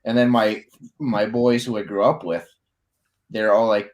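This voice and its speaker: Male host, casual chat, lower voice, easygoing and full of "like.". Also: measured pace, pauses often. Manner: relaxed, says "like" often, enthusiastic. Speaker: interview host.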